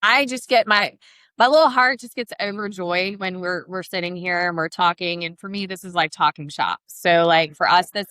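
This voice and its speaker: A woman's voice: lowish voice, moderate pace, sharp tone, clear, resonant tone, no room sound. A woman with a Southern accent, co-hosting a podcast in upbeat, chatty talk full of fillers. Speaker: podcast co-host, travel advisor. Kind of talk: casual podcast chat.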